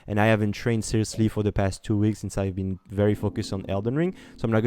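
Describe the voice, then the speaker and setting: A man's voice: on the low side, flat delivery, fast talker, hardly any pauses, mellow. A man with a French accent, a podcast guest telling a story casually, with many fillers and restarts and slips into French. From France. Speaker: podcast guest, competitive gamer.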